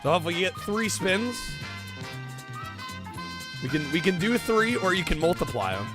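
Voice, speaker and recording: A man's voice: high-pitched, sing-song, normal speed. Chatty man streaming over music. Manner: laid-back, chatty, thanks viewers. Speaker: streamer host. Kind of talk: casual livestream chat. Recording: music playing under voice. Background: background music.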